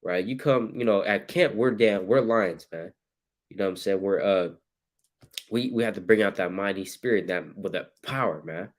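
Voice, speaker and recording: A low-voiced man teaching scripture in loose street slang. He acts out little scenes and breaks into sudden shouts.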